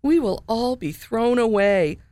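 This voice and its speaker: A woman's voice: a little high, expressive, unhurried, mellow, no echo, voice pushed up. A woman voicing a sad male wind-up toy mouse in a storybook read-aloud, sighing and mournful.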